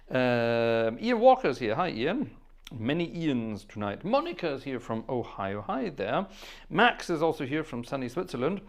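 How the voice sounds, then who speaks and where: A middle-aged man chats easily as he hosts a live stream, welcoming each viewer by name. His voice sits at an ordinary male pitch, and he drops in playful, friendly asides between greetings. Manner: chatty, warm-hearted, playful asides. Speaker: livestream host and organist.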